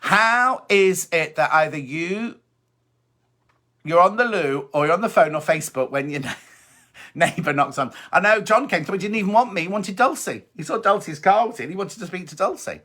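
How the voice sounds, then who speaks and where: Hosting a sewing stream live from home, a man keeps things talkative and upbeat, reading out viewer comments and repeating himself. His high-pitched voice is expressive, pushed and bright, delivered at normal speed.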